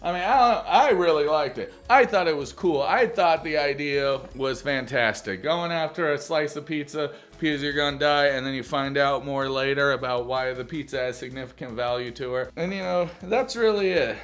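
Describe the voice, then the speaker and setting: A man's voice: a little high, moderate pace, hardly any pauses, a bit bright, faint music behind. A man rambling through a casual, jokey movie review, loose and self-mocking, swearing often.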